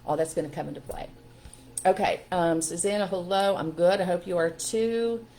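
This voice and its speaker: With a fairly low, darkish voice at a normal speed, a middle-aged woman from Pennsylvania, USA, runs a casual live stream as a parenting coach. She speaks earnestly and greets viewers by name. The audio is poor.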